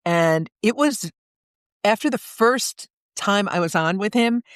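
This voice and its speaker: An older woman with a New York accent tells stories as an interview guest, her pitch mid-range and swinging widely as she acts out quoted voices. The sound is dry and close, with no room around her. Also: slow, clear, resonant tone, no room sound. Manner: lively storyteller, acts out voices. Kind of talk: storytelling interview.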